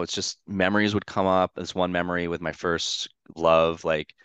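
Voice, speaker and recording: A man's voice: low-pitched, fairly bright tone, smooth, no room sound. A man, a podcast guest, telling a personal story in casual chat, rambling with lots of "like" fillers and candid swearing.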